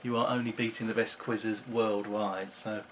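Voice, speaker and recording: A man's voice: lowish voice, little pitch movement, moderate pace, a little hiss or hum. Rambling middle-aged man vlogging. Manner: rambling, self-mocking, with many restarts. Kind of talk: casual chat to camera. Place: at home.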